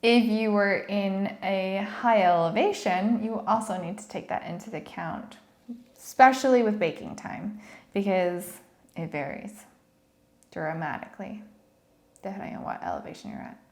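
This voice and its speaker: A woman's voice: mid-range voice, normal speed. Young woman, baking vlogger, chatty, playful, echoey kitchen. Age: young adult. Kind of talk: casual chat. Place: home kitchen.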